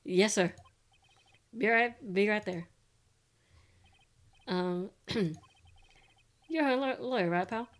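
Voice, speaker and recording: A woman reading game lines aloud as a gruff, blunt male police detective who keeps saying pal. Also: medium pitch, drawn-out words, long pauses. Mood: brusque. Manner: calls everyone pal, brash and blunt.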